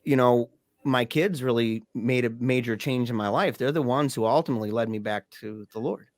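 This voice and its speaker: A middle-aged man telling a personal story as a podcast guest, in a halting, conversational way with restarts and soft laughs. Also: mid-range voice, dry recording.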